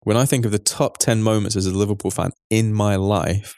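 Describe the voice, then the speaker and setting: Deep gravelly guy hosting a pod, relaxed and agreeable, dry close sound. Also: fairly quick, dry recording. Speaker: podcast host. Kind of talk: casual chat and reading listener messages.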